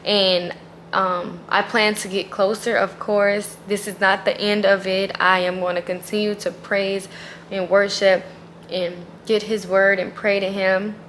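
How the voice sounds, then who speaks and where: A woman's voice: mid-range voice, flat delivery, measured pace, a bit bright, slight background noise. Earnest woman vlogger gushing about faith. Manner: earnest and emphatic, full of "like". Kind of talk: casual faith vlog talk.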